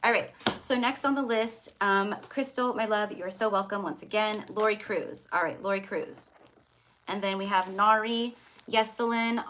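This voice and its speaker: A woman's voice: medium pitch, fairly bright tone, poor audio. Brief: woman tarot reader streaming live, affectionate and chatty, faint hiss. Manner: chatty, affectionate, calls viewers love and hon.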